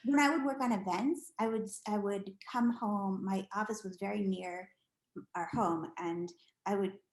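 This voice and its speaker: A middle-aged woman telling stories as a podcast guest, animated and chatty with lots of restarts. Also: medium pitch, normal speed. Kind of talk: casual storytelling interview. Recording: echoey room.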